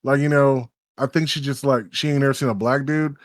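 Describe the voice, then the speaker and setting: A man's voice: medium pitch, steady tone, a little fast, no room sound. A man with a Texas accent co-hosting a podcast, rambling in casual chat with lots of swearing and restarts. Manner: rambling, profane, many restarts. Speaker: podcast co-host.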